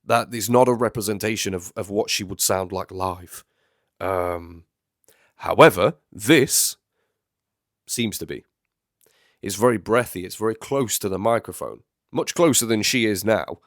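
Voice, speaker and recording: A man's voice: lowish voice, a little slow, dry recording, clean studio sound. A man with a blocked nose, getting over the flu, giving rambling casual commentary while reacting to a music video. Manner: chatty, rambling, self-correcting.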